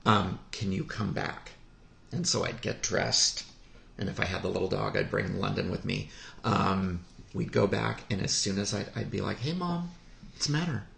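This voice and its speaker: A man telling a personal story on a podcast, speaking in a halting, heartfelt way with many pauses. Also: on the low side, flat delivery, creaky, fairly bright tone. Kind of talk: podcast conversation. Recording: roomy echo.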